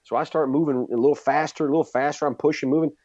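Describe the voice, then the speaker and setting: A man's voice: on the high side, steady tone, racing, a little mellow, no room sound. A middle-aged man, a guest martial arts instructor, telling a vivid story and acting out his own reactions. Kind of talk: animated storytelling. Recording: dull, lo-fi dry sound.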